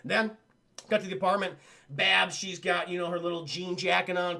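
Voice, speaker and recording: A man's voice: high-pitched, fairly even intonation, moderate pace, creaky, pushed and bright. A man recapping a film scene by scene for his live chat. He talks animatedly, swears, laughs often and keeps calling out to the chat. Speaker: streamer, film reviewer.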